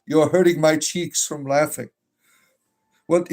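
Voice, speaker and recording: A man's voice: fairly high pitch, fairly even intonation, slow, long pauses, darkish tone. Joking druid bard streamer, man. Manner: joking, reacts to chat messages, blesses viewers. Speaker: livestream host reading chat. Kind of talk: casual livestream chat.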